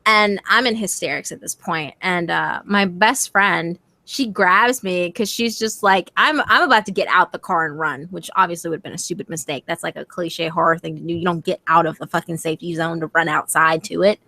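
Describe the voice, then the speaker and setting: A young woman tells a scary story on a live stream in a loose, animated way, swearing freely and acting out her friends' lines. Her voice sits a little low but sounds bright and forceful, and the recording is close and dry. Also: brisk, gravelly, hardly any pauses, dry recording.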